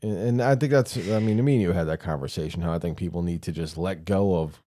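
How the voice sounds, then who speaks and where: A man with a low, mellow voice rants his way through a casual podcast chat. He swears constantly and mocks the people he talks about. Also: fast. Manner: profane, ranting, mocking. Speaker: podcast co-host.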